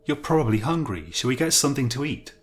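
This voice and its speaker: A man's voice: mid-range voice, expressive, fast, pitched above the performer's own voice, lightly acted. A man doing a breezy, cheerful young woman. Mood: teasing. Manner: breezy, teasing.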